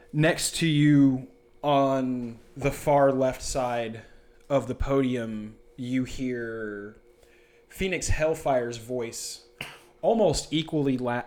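A man's voice: medium pitch, darkish tone. A man narrating as game master in a tabletop game, loose and full of fillers.

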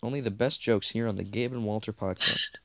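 A man's voice: lowish voice, steady tone, fairly quick, sharp tone, slight background noise. A teenage boy co-hosting a podcast in casual chat, rambling and cracking crude jokes. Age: teens. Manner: jokey, rambling, crude humor. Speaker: podcast co-host.

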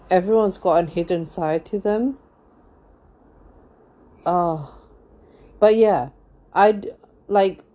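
A young woman hosts a casual gossip chat, rambling through her thoughts with many fillers and bursts of laughter. Her voice sits a little low and sounds warm and mellow. She takes her time, talking at an unhurried pace. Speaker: podcast host.

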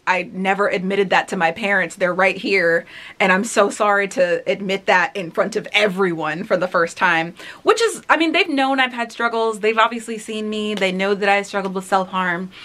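A woman of about thirty chats casually while reacting to her own past recording. She is open and rambling, full of fillers, and her voice sits at an ordinary middle pitch. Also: a bit bright. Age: 30s. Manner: candid, rambling, many "like"s and laughs. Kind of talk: casual reflective commentary.

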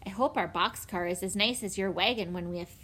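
A woman reading aloud voices a sensible, responsible older boy who talks in a steady, practical way. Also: medium pitch, fairly quick, breathy edge.

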